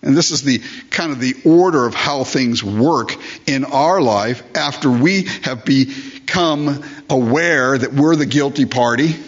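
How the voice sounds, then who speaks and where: Older male pastor, sermon delivery, rhetorical questions, mid pitch, slightly husky; muffled recording. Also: unhurried. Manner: emphatic, repeats phrases, asks rhetorical questions.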